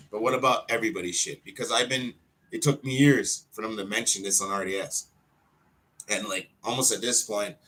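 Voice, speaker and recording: Man ranting and cursing on his show. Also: fairly low pitch. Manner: heated, swearing, loud outbursts then muttering. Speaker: wrestler hosting his own show. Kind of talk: unscripted profane rant.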